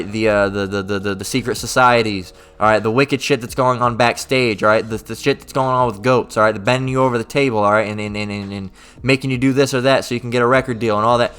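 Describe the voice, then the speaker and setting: A man preaching and reading scripture in a forceful, profane style, constantly tagging his points with a questioning "all right?" and stumbling over repeated words. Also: lowish voice, clean tone.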